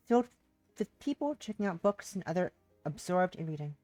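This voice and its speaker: A woman's voice: fairly low pitch, lively intonation, normal speed, a little mellow, no echo. A young woman streamer, reading a visual novel aloud and chatting with viewers. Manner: reads narration and dialogue aloud, breaks off to chat with viewers. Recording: dry close mic with faint music behind.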